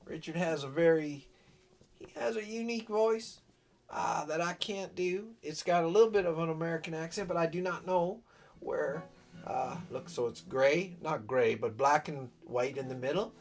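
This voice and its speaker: A man's voice: on the high side, normal speed. A man hosting a casual live stream, rambling and self-deprecating, often losing his train of thought. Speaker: livestream host and singer-songwriter.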